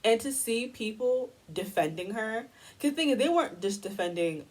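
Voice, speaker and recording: A woman's voice: medium pitch, expressive, moderate pace, a little mellow, breathy edge, poor audio. A young woman ranting heatedly in a commentary video, profane and exasperated. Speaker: commentary YouTuber.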